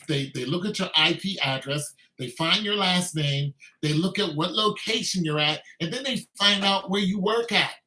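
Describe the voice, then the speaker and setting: A man's voice: on the high side, sharp tone. A man delivering an emphatic, repetitive, scolding rant as a video commentator. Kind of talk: ranting commentary. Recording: echoey room.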